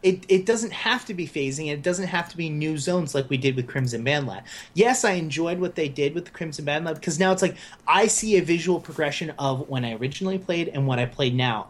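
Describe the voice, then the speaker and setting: Opinionated podcast co-host explaining at length. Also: mid-range voice. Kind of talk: casual gaming podcast chat.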